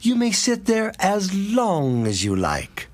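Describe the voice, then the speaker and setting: A woman voicing a crafty, smooth-talking male fox gentleman in an animated storybook, overly polite and scheming, with a husky voice. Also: medium pitch, slow, soft background music. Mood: silky scheming.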